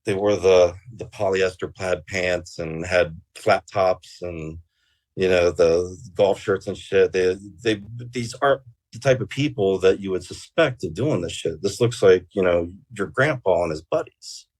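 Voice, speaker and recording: A man with a deep, darkish voice appears as a guest on an interview show, speaking at a measured pace. He tells a rambling story casually, swearing plenty and using many fillers.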